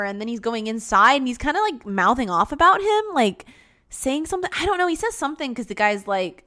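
A young woman chatting casually as she retells a film plot, rambling with lots of "like" and acting out lines in high squeaky voices. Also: a little fast, fairly bright tone. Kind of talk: casual chat recapping a film.

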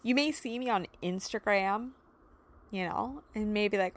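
A woman's voice: a little high, unhurried, a bit bright. A woman in her thirties hosting a solo podcast, talking in an emotional, earnest, encouraging way with many "you know"s and "like"s. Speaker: podcast host and life coach. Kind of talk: heartfelt solo podcast talk.

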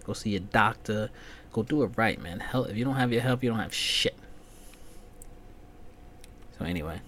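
A man's voice: on the low side, animated, normal speed, fairly bright tone, slight background noise. Profane, rambling man telling a story. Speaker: podcast host. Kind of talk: casual storytelling monologue.

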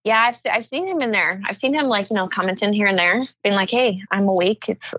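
A woman's voice: mid-range voice, brisk, a bit bright, no room sound, muffled recording. A young American woman co-hosting a podcast in casual chat, giggly and saying "like" constantly. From United States. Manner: giggly, filler-heavy, says "like" constantly. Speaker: podcast co-host.

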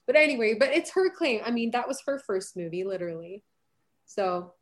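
A woman's voice: fairly high pitch, moderate pace. A woman in her thirties, an actress guest chatting in an interview and telling stories with plenty of laughter. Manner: animated storyteller, laughs often. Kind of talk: casual interview chat.

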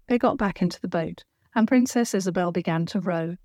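A woman narrating a children's storybook in a gentle, clear read-aloud manner. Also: on the low side, brisk, hardly any pauses, no room sound, clean studio sound.

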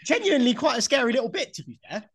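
A man's voice: very high-pitched, sing-song, racing, fairly bright tone, slightly rough. A man hosting a podcast in casual chat, blunt and swearing freely. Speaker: podcast host.

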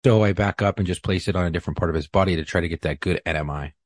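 In loose podcast talk, a police officer tells a story in a husky, somewhat low voice, rapid-fire and animated, swearing constantly and acting out the quotes. The sound is close and dry, with no room sound at all.

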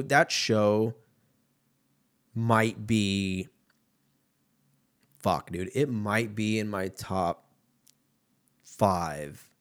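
A man's voice: lowish voice, fairly bright tone. A man in his thirties, hosting a casual podcast and rambling in a profane, joking way. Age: 30s.

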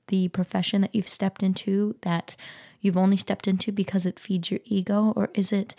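A woman's voice: mid-range voice, vocal fry, mellow. A woman hosting a solo podcast, talking in an earnest, musing way and putting questions to the listener. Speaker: podcast host. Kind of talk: reflective solo podcast talk. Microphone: podcast microphone.

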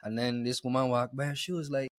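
A man's voice: mid-range voice, fairly even intonation, fast talker, no echo. A man from the Virgin Islands with his home accent, co-hosting a podcast and telling loose, profane stories in casual chat. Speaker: podcast co-host.

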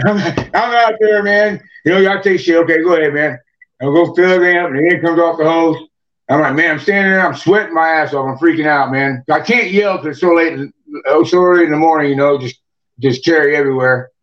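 This podcast guest, a moonshiner, talks fast in a fairly high voice as he spins out a long, meandering story. Profanity comes constantly, padded with "man" and "you know," and the podcast sound is muffled and lo-fi.

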